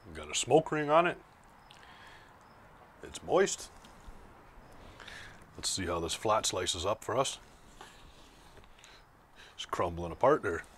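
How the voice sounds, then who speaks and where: A man's voice: lowish voice, very animated, takes it slowly, pauses often, slight background noise. A man hosting his own barbecue video, chatting casually while slicing and tasting. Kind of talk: casual cooking vlog narration.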